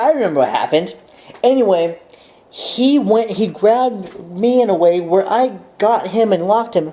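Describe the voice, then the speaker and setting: A man's voice: sits high, a little mellow, slight background noise. A guy telling a fight story to the camera in a vlog, acting out the action with sound effects. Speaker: vlogger.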